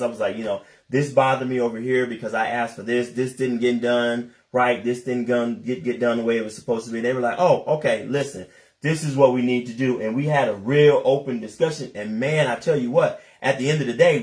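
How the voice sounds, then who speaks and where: A man in a casual coaching podcast chat, reflective and earnest. His voice sits at an ordinary middle pitch. He keeps turning questions over out loud. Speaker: couples and personal development coach.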